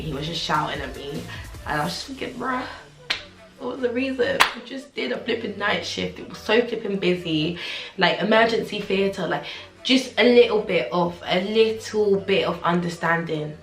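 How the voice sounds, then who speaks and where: Young female doctor vlogger, casual and animated storyteller, slightly low voice, roomy echo, soft background music. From United Kingdom. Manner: animated retelling, acting out quotes, many fillers. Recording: echoey room with faint music.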